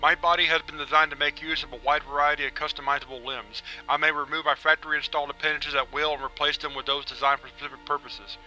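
A man voicing a literal-minded male robot, speaking in a flat monotone without natural inflection. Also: fairly high pitch, fast, few pauses, soft background music, poor audio. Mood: robotic.

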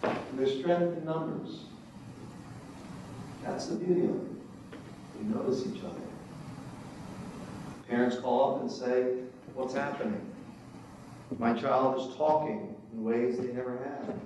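A man's voice: medium pitch, a little slow, pauses often, distant mic, noisy background. Storytelling man in an echoey hall. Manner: animated anecdotes with quoted voices. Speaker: author giving a talk. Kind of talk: storytelling public talk.

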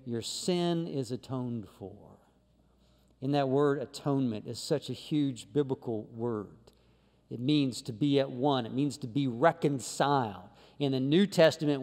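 A man preaching a sermon as pastor, swinging between loud emphatic lines and low quiet ones. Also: big-room sound. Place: church sanctuary.

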